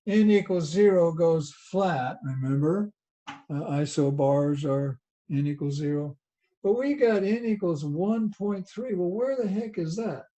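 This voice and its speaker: Slow folksy Southern man lecturing. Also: high-pitched, dark tone. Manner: folksy, drawn-out, chatty explaining with rhetorical questions. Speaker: college teacher. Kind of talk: online lecture. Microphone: video call.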